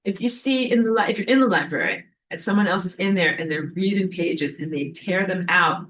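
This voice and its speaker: A woman's voice: mid-range voice, very animated, normal speed, sharp tone, poor audio. A woman giving a preachy spiritual lecture to a class, in an emphatic, scolding manner that sometimes turns to swearing. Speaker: spiritual teacher.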